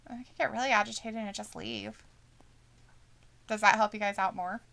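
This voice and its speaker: A woman's voice: medium pitch, steady tone, normal speed, gravelly, a bit bright. A woman co-hosting a casual live watch-along stream, reading viewer comments aloud, laughing often and swearing casually. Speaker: stream co-host.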